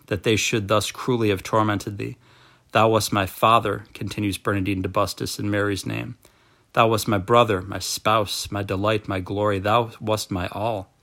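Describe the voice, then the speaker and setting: A man reading a devotional book aloud in a slow, measured, solemn manner. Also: lowish voice, creaky, a bit bright.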